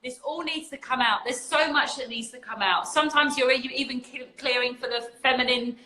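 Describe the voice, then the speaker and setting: A woman's voice: high-pitched, fairly quick, bright, forceful tone, roomy sound, low-quality recording. A woman hosting a casual livestream chat on spiritual topics, talking emphatically and laughing often. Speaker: spiritual community host.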